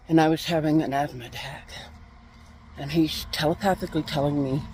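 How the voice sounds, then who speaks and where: A woman telling a rambling personal story to her viewers, halting often and restarting her sentences while she walks. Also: deep voice, a little mellow, slightly rough, no room sound. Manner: halting, with many fillers and restarts. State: walking while talking. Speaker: meditation vlogger.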